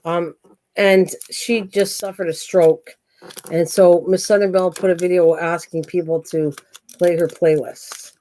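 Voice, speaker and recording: A woman's voice: on the low side, flat delivery, dark tone. Chatty older woman hosting a live stream. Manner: chatty, self-mocking, quick to laugh. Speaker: craft channel host. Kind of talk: rambling live stream chat.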